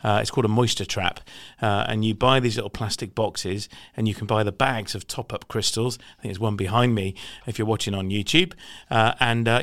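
A chatty man co-hosting a podcast, his voice sitting on the lower side. He laughs often and explains things in a relaxed, casual way. The sound is dry and close to the mic. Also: no room sound. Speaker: podcast co-host.

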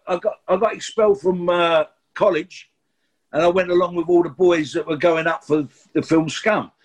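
A man in his sixties with a London accent, telling rambling, chatty stories in an interview, full of restarts and asides. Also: on the high side. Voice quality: husky. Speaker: guest actor. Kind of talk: anecdotal interview storytelling.

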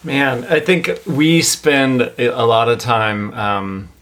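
A man co-hosting a parenting podcast, talking in a relaxed, hesitant way with many fillers. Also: mid-range voice, slow. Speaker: podcast co-host, father. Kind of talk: casual podcast conversation.

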